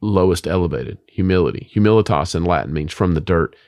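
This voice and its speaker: A man's voice: low-pitched, brisk, a little mellow, dry recording, studio quality. A man who is a Christian author, talking about faith in an emphatic, preacher-like way full of rhetorical questions.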